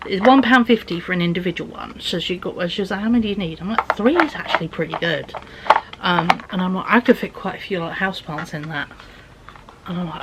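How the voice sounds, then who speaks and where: A woman's voice: lowish voice, noisy background. A young woman vlogging in a rambling, casual chat, often dropping to a near-whisper.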